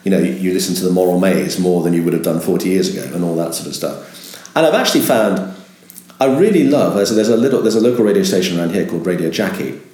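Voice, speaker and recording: An older man talks through his years as a radio presenter. His voice sits very low but swings widely, and he bursts into a bright, upbeat presenter voice to make a point. The room around him is noticeably echoey. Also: fast talker. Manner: animated, jumps to a bright upbeat presenter voice when demonstrating. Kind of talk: reflective interview.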